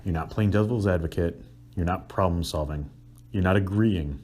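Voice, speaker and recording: A middle-aged man, a couples counselor, teaching with animated, acted-out emotional examples and sound effects. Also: deep voice, moderate pace. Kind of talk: explanatory teaching talk.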